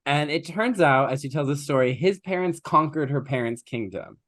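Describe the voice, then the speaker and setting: A man's voice: a little high, lively intonation, normal speed, fairly bright tone, dry recording, studio quality. A man co-hosting a podcast, retelling an old story in a casual, chatty way with plenty of fillers and asides. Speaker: podcast co-host.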